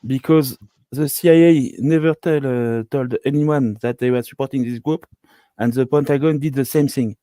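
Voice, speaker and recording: Male caller, mellow dry voice, careful earnest storytelling. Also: medium pitch, normal speed, no echo. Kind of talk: casual storytelling. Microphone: video call.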